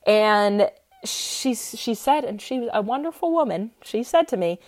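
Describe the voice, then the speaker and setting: A woman's voice: mid-range voice, moderate pace. A young woman hosting her own podcast, talking casually and very expressively with lots of fillers. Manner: expressive, animated, many fillers. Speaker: podcast host. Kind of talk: casual solo podcast talk.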